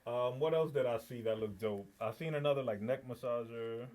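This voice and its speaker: A man's voice: medium pitch, brisk, darkish tone. A middle-aged man co-hosting a podcast, chatting casually in loose slangy banter and teasing his co-host. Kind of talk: casual chat.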